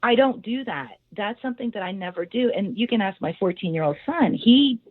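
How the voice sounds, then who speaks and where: A woman's voice: medium pitch, brisk, no echo. Woman on a tinny phone line. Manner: rambling and animated, with many fillers. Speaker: owner of a haunted house, interview guest. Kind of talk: casual storytelling.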